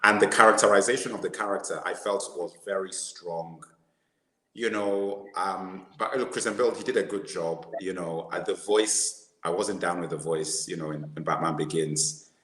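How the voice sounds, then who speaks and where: A man with a lowish voice talks casually about films, animated and quick to laugh at his own jokes. He often restarts his sentences mid-thought. The room around him is roomy and echoey. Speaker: podcast co-host. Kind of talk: casual movie discussion.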